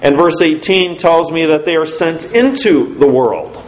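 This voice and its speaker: A man preaching a sermon as pastor, putting questions to his congregation in an emphatic, lively way. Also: a little high, unhurried. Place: church sanctuary. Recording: roomy church echo.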